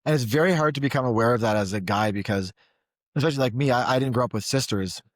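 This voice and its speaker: A man's voice: mid-range voice, quick pace, no echo, studio quality. A man who coaches men, talking frankly as a podcast guest, telling stories with lots of restarts. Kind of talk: casual podcast conversation.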